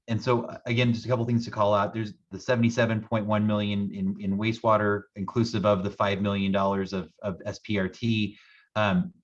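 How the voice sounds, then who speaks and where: A man presenting a city budget at a public meeting, talking rapidly with many repeated words and restarts. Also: on the low side, muffled recording.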